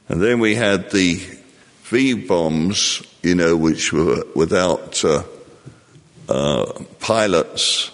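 Slow, deep-voiced older man in a hall. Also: fairly bright tone. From England. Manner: slow, reflective, with many fillers. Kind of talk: personal storytelling to an audience.

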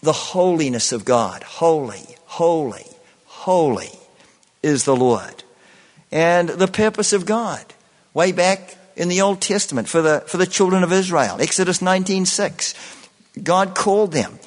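A man preaching a sermon, repeating phrases and filling pauses with "you know". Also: sits high, expressive, in a large hall. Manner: slow, repetitive preaching with many "you know" fillers.

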